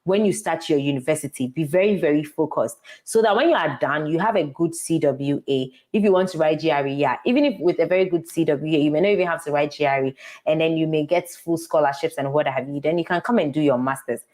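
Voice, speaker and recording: Low-voiced Ghanaian woman giving earnest advice. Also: fast talker, a little mellow. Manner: earnest, advising, emphatic. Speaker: guest. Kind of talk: casual interview advice.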